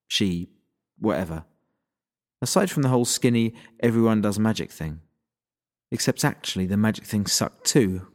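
Male narrator, audiobook reading, low voice, measured, dry wit. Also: darkish tone.

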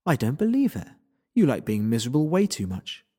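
A man voicing a young woman who speaks in a cool, deadpan way and teases her friend. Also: medium pitch, brisk, slightly rough. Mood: teasing.

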